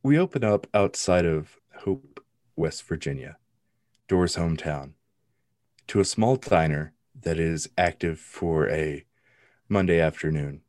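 A man hosting and narrating a tabletop role-playing podcast in a relaxed, conversational way. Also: low-pitched, no echo, studio quality. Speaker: game master.

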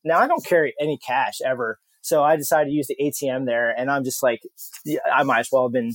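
A man's voice: medium pitch, quick pace, no room sound. A man telling a casual story as a podcast guest, rambling and profane, with many fillers and laughs.

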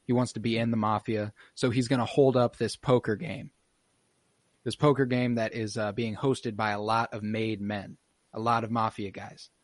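A man's voice: lowish voice, level tone, normal speed, no room sound. A man hosting a casual podcast, recapping an episode in a loose, profane, laughing way. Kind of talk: casual chat.

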